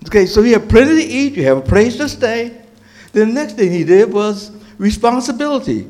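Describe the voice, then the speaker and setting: A male pastor preaching a sermon, emphatic and animated, asking the congregation questions. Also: sits high, fairly quick.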